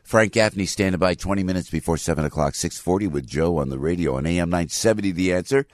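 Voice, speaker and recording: A man's voice: low-pitched, fast, no room sound, clean studio sound. A man hosting a morning talk radio show, chatty and full of restarts as he reads live ads.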